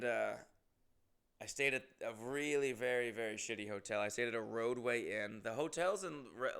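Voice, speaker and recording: A young man, a comedian, telling a profane, animated tour story in a casual monologue, with loud bursts of emphasis. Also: mid-range voice, vocal fry, clean tone.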